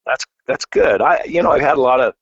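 A man talking as a podcast guest in a casual, halting way, often repeating words as he starts. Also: medium pitch, gravelly, husky, no room sound, muffled recording. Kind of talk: casual chat.

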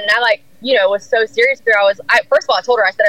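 A woman telling a story in casual chat, rambling and animated, packed with "like" and casual swearing. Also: racing, few pauses, no room sound, dull audio. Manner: rambling, lots of "like" fillers and swearing; animated, jumps high in pitch when quoting others.

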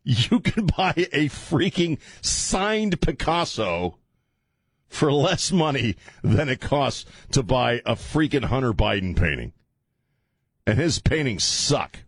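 A man's voice: fairly low pitch, slightly rough, no echo. A man hosting a talk radio show, rambling and joking with frequent laughs and filler stumbles. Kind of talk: casual talk radio monologue.

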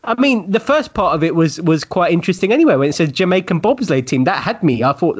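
A man co-hosting a casual chat show, telling a story with animated energy. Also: fairly high pitch, husky. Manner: animated storyteller, lively and quick. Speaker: co-host.

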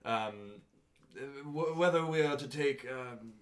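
A man playing a pompous, long-winded adventurer in a tabletop role-play, halting over formal words. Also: mid-range voice, close to an everyday voice. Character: pompous, wordy adult male adventurer.

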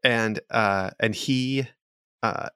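A man running a tabletop game as game master, relaxed and hesitant, with many fillers. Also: on the low side, drawn-out words, clean tone, dry recording, clean studio sound.

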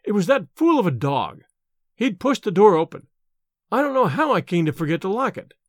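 A man's voice: sits high, big pitch swings, a little fast, dry recording, studio quality. A man voicing a nervous young student who stammers and hurries his words evasively, in an audiobook reading. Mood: flustered.

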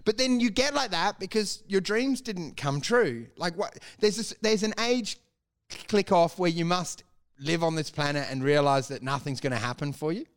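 High-voiced man riffing. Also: moderate pace. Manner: rambling, jokey, acts out voices. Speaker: podcast co-host. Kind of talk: casual comedic chat.

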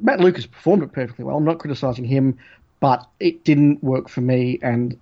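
A man co-hosting a podcast, giving a measured, thoughtful opinion of an episode. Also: mid-range voice. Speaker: podcast co-host. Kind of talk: casual review chat. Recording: dull lo-fi audio.

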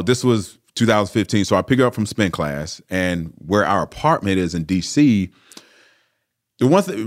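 A man in his thirties or older, a former pro football player, telling a story as an interview guest in a casual, animated way, with lots of "you know" fillers and restarts. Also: deep voice. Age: 30s or older.

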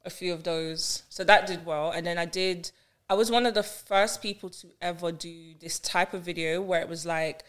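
Animated British woman chatting on a podcast. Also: lowish voice, normal speed, smooth. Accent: British English. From United Kingdom. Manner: animated, laughs often, explains patiently. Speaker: podcast guest, skincare influencer. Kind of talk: casual podcast chat.

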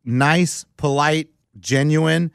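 Excitable young man telling a story. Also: on the high side, very slow, vocal fry, clean tone, dry recording, studio quality. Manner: excitable, rambling, says "dude" and "like" often. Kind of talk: casual storytelling chat.

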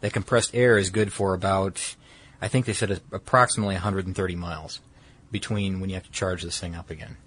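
A man's voice: low voice, steady tone, fast, a bit bright, breathy edge. A man explaining a technology in casual conversation, rambling and correcting himself with many fillers.

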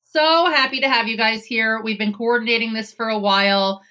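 A woman hosts a podcast interview, opening with a clear introduction and friendly questions. Her voice is bright and forward, and her manner stays upbeat throughout. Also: a little high, fairly even intonation, moderate pace, poor audio. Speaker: podcast host.

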